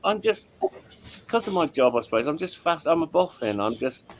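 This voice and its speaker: A man's voice: on the high side, very animated, moderate pace, a little hiss or hum. A middle-aged man, hosting a casual chat as an audio engineer, rambling and apologetic with many restarts. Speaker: show host and audio engineer.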